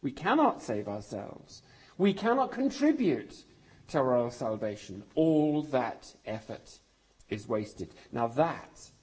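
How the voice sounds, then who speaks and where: An older man from England preaching a sermon as pastor, with dramatic pauses and key words dropped almost to a whisper. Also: medium pitch, sing-song, a little mellow, slightly rough.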